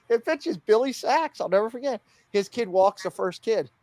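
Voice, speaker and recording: A middle-aged man co-hosting a podcast, telling a long story in a lively, laughing way and acting out the lines people said. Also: high-pitched, normal speed, no room sound. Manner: animated, laughing storyteller who acts out quoted lines. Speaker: podcast co-host. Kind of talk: casual storytelling chat.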